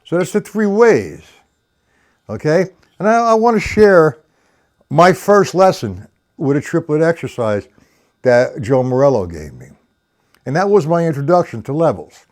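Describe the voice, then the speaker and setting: A man's voice: a little high, very animated, measured pace, darkish tone. An older man giving a casual, rambling live-streamed drum lesson, counting beats aloud as he explains technique. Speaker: drum teacher.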